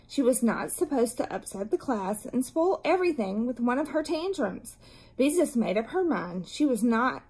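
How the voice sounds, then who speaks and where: A woman reading a children's chapter book aloud with expressive, animated narration. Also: on the high side, slightly rough, poor audio.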